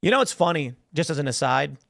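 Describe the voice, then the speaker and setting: Male political show host, slightly high voice, dry close sound, rambling delivery with repeats. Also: expressive, quick pace, creaky, fairly bright tone, dry recording. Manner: rambling, repeats words, reads headlines aloud. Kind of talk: solo news commentary.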